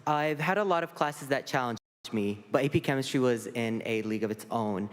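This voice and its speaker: A man's voice: medium pitch, a little fast. A teenage boy delivers a prepared speech thanking a teacher, earnest with touches of humor. His voice is mid-range. The sound carries a long reverb from a large hall. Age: teens. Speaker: high school senior honoring a teacher. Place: large auditorium.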